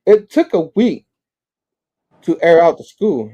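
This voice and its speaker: A man's voice: fairly high pitch, very animated, takes it slowly, dark tone, muffled recording, heavily acted. A man reading out the lines of a boastful adult male scientist who gushes about his work. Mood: gushing.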